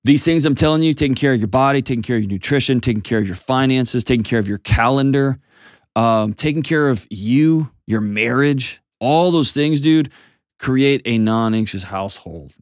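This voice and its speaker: A man's voice: mid-range voice, moderate pace, dry recording, studio quality. A man hosting a call-in advice show, coaching a caller in a direct, earnest way. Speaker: host giving advice.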